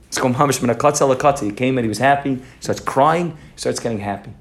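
A man giving an animated sermon with storytelling, emphatic and repetitive. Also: medium pitch, fast. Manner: animated and emphatic, repeating phrases. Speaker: rabbi giving a pre-holiday talk.

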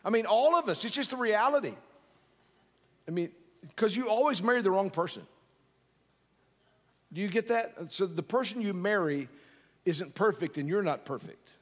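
A middle-aged male pastor delivers a sermon in a loose, conversational way, joking and tossing questions to the congregation. His voice sits fairly high for a man. A long reverb tail from a large hall follows his words. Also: lively intonation, normal speed, long pauses.

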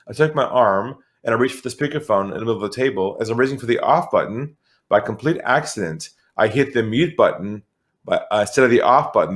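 A middle-aged man from San Diego telling a story as an interview guest, acting out the voices of the people in it. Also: lowish voice. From San Diego, California. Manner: animated storyteller, acts out voices. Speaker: guest, sales expert.

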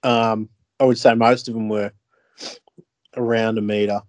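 Rambling, low-voiced man. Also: level tone, a little slow, a little mellow, no room sound. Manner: rambling, many fillers and restarts. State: tired, yawning. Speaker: podcast co-host. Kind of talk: casual chat.

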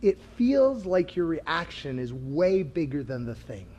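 A man's voice: a little high, a little slow, muffled recording. A man telling a personal story in casual chat with his wife, laughing often and acting out what people said. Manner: animated, laughing, acts out quotes. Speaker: co-host, husband.

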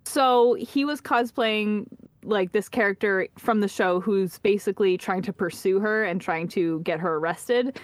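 A woman co-hosting a podcast, telling an animated story in casual chat and acting out what people said. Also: medium pitch, a little slow, no room sound. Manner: animated storyteller, acts out quotes. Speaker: podcast co-host.

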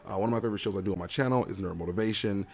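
Young male podcast host with a lowish, gravelly voice. Rambling, self-deprecating and playful. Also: racing. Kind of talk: casual solo podcast chat.

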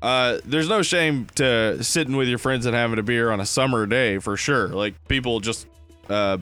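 Young guy on a podcast, chill and jokey, mid pitch, little bit of music under it. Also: normal speed, smooth. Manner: relaxed, joking storyteller, slips into a mock Russian voice for laughs. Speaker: podcast co-host. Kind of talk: casual chat. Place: Los Angeles.

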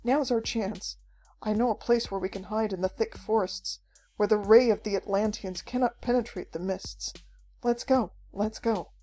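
A woman's voice: mid-range voice, steady tone, normal speed, warm tone, faint music behind, lightly acted, rough recording. A woman voicing a frantic elderly male professor who chatters and pants as he talks. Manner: chattering, panting.

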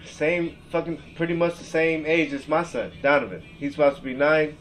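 This poor-quality recording features a Seattle man in his thirties who hosts a podcast, his voice a little high with fairly even intonation at a moderate pace. He launches into an emotional, heavily profane rant, rambling and reading his text messages out loud.

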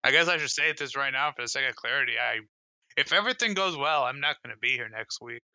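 A man with a very bright, forward voice co-hosts a casual gaming podcast. He keeps up a joking, teasing banter. The recording is dry and close. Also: mid-range voice, expressive, quick pace, clean tone, no echo. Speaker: podcast co-host.

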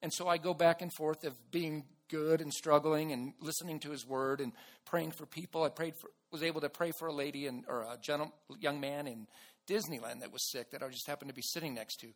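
A man preaching a sermon to his church in an earnest way, with restarts and bursts of loud emphasis. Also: a little high, steady tone, brisk. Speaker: pastor.

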